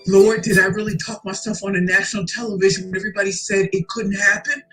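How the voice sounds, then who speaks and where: A woman's voice: mid-range voice, fairly even intonation, quick pace, a bit bright, faint music behind, poor audio. A woman telling her success story as a motivational speaker, emphatic and preacherly, repeating key phrases and calling the audience y'all. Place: live event stage.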